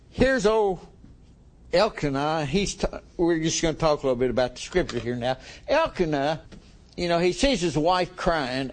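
Folksy man preaching, slow delivery. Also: a little high. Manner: folksy, chuckles to the congregation. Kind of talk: sermon.

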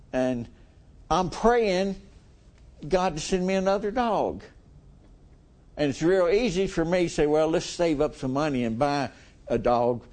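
Slow-speaking folksy male preacher. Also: a little high, a little mellow. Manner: folksy, chuckles often, asks the congregation questions. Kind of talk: conversational sermon.

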